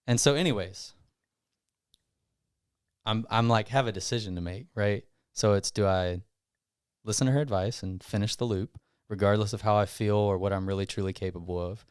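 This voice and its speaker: Male podcast guest, lowish smooth voice, dry close sound, rambling storyteller. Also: normal speed, no echo. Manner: rambling, animated retelling with self-quotes. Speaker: gym owner guest.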